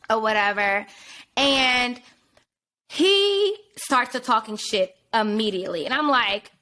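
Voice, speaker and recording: A woman hosting a podcast, telling a casual and profane story in an animated way, jumping in and out of quoted voices. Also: medium pitch. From rural area. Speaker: podcast host.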